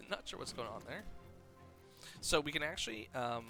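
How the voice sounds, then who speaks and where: Brief: male streamer, casual play-by-play, explains mechanics out loud, quick excited reactions, middle pitch, game music behind. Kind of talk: casual gameplay commentary.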